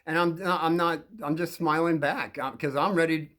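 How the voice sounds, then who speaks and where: A man's voice: on the high side, steady tone, moderate pace, a bit bright, a little hiss or hum. A man telling a long story from his school days to young listeners, rambling with frequent restarts and repeated words.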